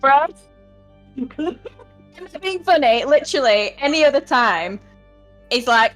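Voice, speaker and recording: Player at a tabletop session, casual and exasperated, raised pitch, faint music. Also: female voice, lively intonation, measured pace, pauses often, fairly bright tone. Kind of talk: playing a tabletop game.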